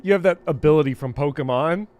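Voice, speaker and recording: A man with a slightly raised voice is chatting over a game stream with friends. He laughs a lot and gets loud when the fight turns. His talk stays loose and casual. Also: a little high, quick pace. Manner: laughs often, excitable outbursts. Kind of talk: casual gaming chat with friends.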